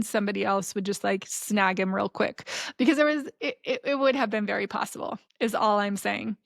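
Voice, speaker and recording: A woman hosting a podcast, telling a personal story in a chatty, animated way with many fillers. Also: mid-range voice, dry recording, clean studio sound. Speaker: podcast host.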